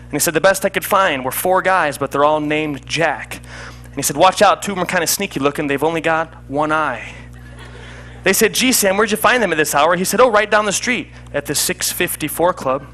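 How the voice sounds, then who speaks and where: A comedy magician telling a joking story as patter for a card trick, chatty and laughing at himself. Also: male voice, on the high side, brisk, a bit bright, a little hiss or hum.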